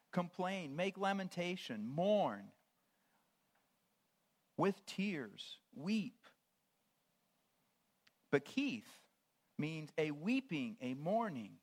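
A man with a fairly high voice preaches a sermon, explaining word meanings in short, measured phrases. He swings between hushed near-whispers and loud proclamations.

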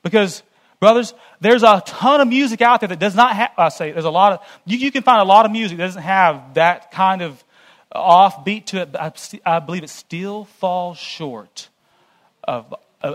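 A man with a fairly high voice addresses a church gathering in an earnest, cautionary tone. He delivers a conversational sermon-style lecture, talking directly to the congregation. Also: expressive, moderate pace. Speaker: church speaker.

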